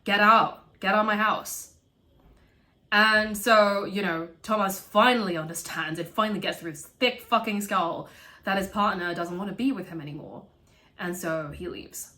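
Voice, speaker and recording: A woman casually recapping a film, animated and swearing freely as she acts out the characters' lines. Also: mid-range voice, normal speed. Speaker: video essayist.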